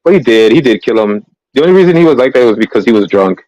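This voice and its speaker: A man's voice: medium pitch, expressive, quick pace, a little mellow, dry recording, lo-fi sound. A man hosting a casual livestream, chatting in a rambling way about true-crime cases with many fillers and restarts. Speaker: livestream host.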